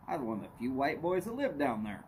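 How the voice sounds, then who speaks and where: Guy hosting a laid-back stream, pitch jumps all over, slight hiss behind. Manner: greets viewers by name, folksy drawl, y'all. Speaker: livestream host. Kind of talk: casual chat with viewers.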